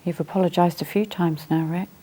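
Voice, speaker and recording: A counsellor in a scripted role-play, speaking calmly and slowly, reflecting feelings back with gentle questions. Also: mid-range voice.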